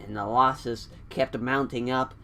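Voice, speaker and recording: A man spinning a made-up wrestling story in a relaxed, rambling way, laughing at his own jokes. He talks slowly at a middle pitch. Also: creaky. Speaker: fantasy wrestling show narrator. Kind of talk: casual storytelling.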